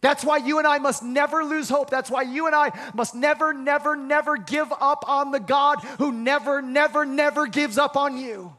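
A man's voice: very high voice, fairly even intonation, normal speed, few pauses, bright, forceful tone. A man preaching a sermon with a dramatic, emphatic delivery, acting out conversations and building to repeated phrases. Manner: dramatic, acts out dialogue, builds to emphatic repetition. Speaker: pastor. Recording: hall reverb.

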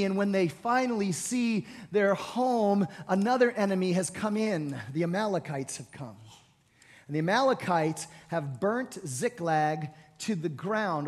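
High-voiced male preacher in a reverberant hall. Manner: dynamic preaching, swinging from hushed to shouting, call-and-response with congregation. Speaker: pastor. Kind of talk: sermon.

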